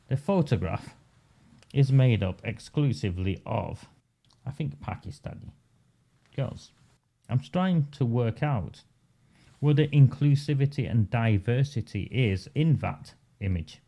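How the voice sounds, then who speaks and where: A man's voice: medium pitch, animated, a little slow, vocal fry, mellow. A man delivering a combative, sarcastic political commentary monologue, full of rhetorical questions. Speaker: local political campaigner.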